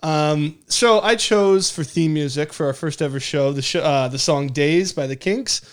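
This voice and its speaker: A man's voice: fairly high pitch, moderate pace, clean tone. Casual man co-hosting a podcast. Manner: conversational, with frequent fillers and restarts. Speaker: podcast co-host. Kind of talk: casual chat.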